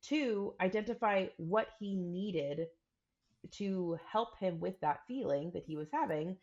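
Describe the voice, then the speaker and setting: In a dull, lo-fi recording, a woman co-hosts a podcast with a mid-range, slightly slow and mellow voice. She talks things through earnestly in casual chat, often acting out quoted examples.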